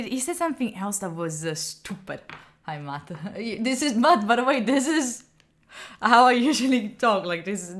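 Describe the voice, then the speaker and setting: This is a young woman from Italy who speaks English with an Italian accent, talking with her livestream chat in a loose, lively way. She laughs often and moves quickly between stories and replies to viewers. Her voice sits at an ordinary middle pitch for a woman. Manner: chatty and animated, laughs often, reads chat aloud. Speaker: streamer.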